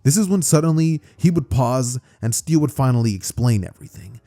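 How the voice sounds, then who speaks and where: Man with a lively, mellow narrating voice. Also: medium pitch, a little fast, hardly any pauses. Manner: rambling, conversational, filler-heavy. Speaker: storyteller. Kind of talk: casual fan-fiction story narration.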